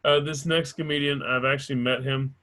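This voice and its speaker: A man's voice: medium pitch, fairly even intonation, brisk, sharp tone. A man hosting a stand-up comedy show, introducing comedians with loose jokes and frequent laughter. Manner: loose, joking, laughs often.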